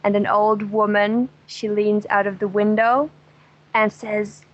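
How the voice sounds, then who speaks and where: A woman's voice: medium pitch, level tone, measured pace, dull audio. A woman from Germany with a German accent, a travel guest chatting casually in an interview, laughing often and telling jokes with gusto. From Dresden, Germany.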